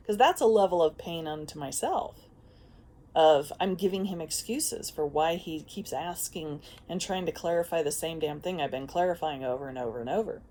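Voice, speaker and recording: A woman giving a casual spoken monologue as a self-help vlogger, animated and frank, swearing freely and laughing often. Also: deep voice, normal speed.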